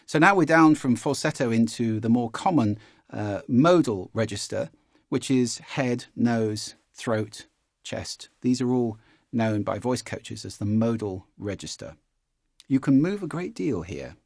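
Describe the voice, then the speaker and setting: A man's voice: measured pace, creaky, no room sound, clean studio sound. A man teaching a spoken lesson as a voice coach, often shifting his voice to demonstrate. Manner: demonstrates pitch shifts, animated.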